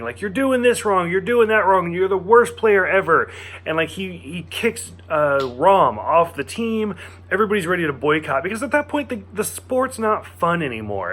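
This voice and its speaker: A man's voice: a little high, a bit bright. A man giving a casual, enthusiastic spoken review of a TV episode, talking with lots of fillers and restarts.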